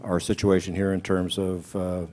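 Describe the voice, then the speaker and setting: A man chairs a board meeting and moves the discussion along. He speaks hesitantly between phrases, and his voice is very deep. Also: little pitch movement, normal speed, a little mellow.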